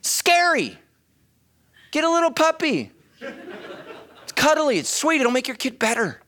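A middle-aged man, a pastor, preaching an animated comic sermon full of storytelling, shouts and acted voices. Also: very high voice, slow pace.

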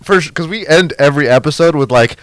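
A man's voice: on the high side, brisk, no room sound, poor audio. A man co-hosting a comedy podcast, joking and laughing often on a close studio mic. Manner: giggly, animated, laughs often. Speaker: podcast co-host.

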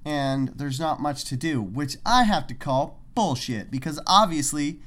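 A man's voice: fairly high pitch, unhurried. A man co-hosting a podcast from Canada, chatting casually and ranting with lots of swearing. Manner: profane, animated ranting. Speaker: podcast co-host. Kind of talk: casual chat.

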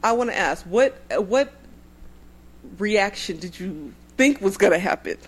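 A woman's voice: medium pitch, lively intonation, a little slow, husky, rough recording. A woman co-hosting a podcast, chatting casually and chiming in on her partner's story. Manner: chatty, interjects and laughs along. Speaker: podcast co-host. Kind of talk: casual chat.

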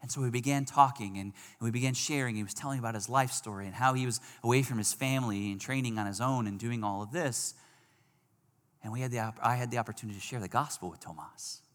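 A man preaching, telling a personal story with animated swings between loud outbursts and hushed moments. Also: medium pitch, fast talker. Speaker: pastor. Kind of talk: sermon storytelling. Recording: long hall reverb.

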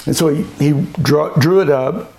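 Speaking at a normal speed, this older winery owner has a fairly high-pitched voice with a darkish tone. He chats his way through anecdotes for an oral history interview, laughing a lot and imitating the people he quotes.

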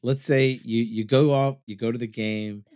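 A man's voice: mid-range voice, steady tone, moderate pace, darkish tone, no room sound, studio quality. A man hosting a casual chat, teasing his co-host with made-up scenarios. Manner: teasing, builds joking scenarios.

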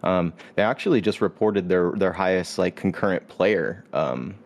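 Man, deep low voice, podcast host, rambling explainer, casual chat. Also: moderate pace. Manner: explains at length, many fillers. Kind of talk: casual chat about games.

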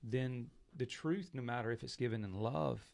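A man speaking in a reflective, measured way in a casual conversation. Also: mid-range voice, vocal fry, a little mellow.

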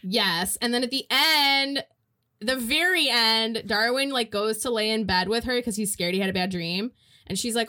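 A woman with a fairly high voice tells a movie's story in a loose, chatty way. She acts out each character's lines as she goes and laughs often. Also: expressive, moderate pace, sharp tone. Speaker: podcast co-host. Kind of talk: casual movie recap chat.

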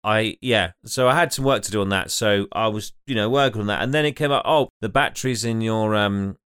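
A man's voice: lowish voice, fast, a bit bright, smooth. A man from the north chatting as a podcast co-host, swearing casually and laughing as he acts out quoted voices. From northern England. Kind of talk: casual chat.

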